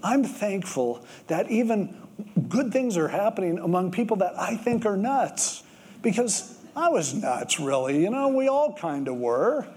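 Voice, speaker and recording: A man, preaching a sermon and telling stories in a relaxed, conversational way. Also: high-pitched, measured pace. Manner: conversational storytelling, with lively acted quotes. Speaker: pastor.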